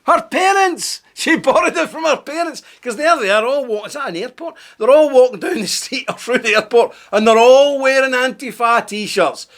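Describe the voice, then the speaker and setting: A man's voice: extremely high pitch, expressive, moderate pace, few pauses, a bit bright. A man delivering indignant, sarcastic video commentary.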